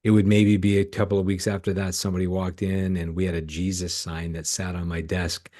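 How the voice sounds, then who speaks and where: A man's voice: sits low, level tone, fairly quick, warm tone. A middle-aged man from Canada, a ministry founder and podcast guest, telling stories in an earnest, emotional way and acting out the dialogue. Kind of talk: storytelling in a podcast interview.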